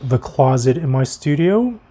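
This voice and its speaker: A man's voice: mid-range voice, sing-song, unhurried, mellow, a little hiss or hum. A man hosting his own art video, talking in a reflective, musing way and thinking aloud as he goes. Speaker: art vlogger. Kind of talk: reflective solo video monologue. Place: home art studio.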